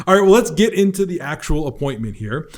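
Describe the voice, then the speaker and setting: A man's voice: a little high, big pitch swings, fairly quick, a little mellow. A man hosting a podcast, reviewing a recorded sales appointment in a conversational way and recapping points for the audience. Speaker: podcast host, sales coach.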